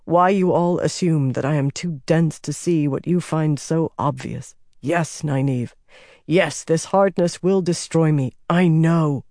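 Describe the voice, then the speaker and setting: A man voicing a stern, burdened young male king who speaks in a quiet, measured, grim way. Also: a little high, no room sound, clean studio sound. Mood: soft, weary.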